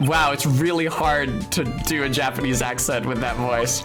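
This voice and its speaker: A woman's voice: very deep voice, moderate pace. A woman streaming a game, giving casual, profane commentary between lines. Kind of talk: let's play commentary. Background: game music.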